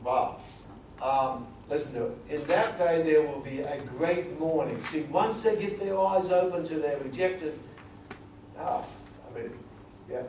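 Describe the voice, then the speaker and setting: A man teaching a sermon through numbered points, reading scripture slowly and with emphasis. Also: on the high side, noisy background. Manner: grows quiet and emotional at times. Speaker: preacher. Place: large echoey hall. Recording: echoey hall recording from far off.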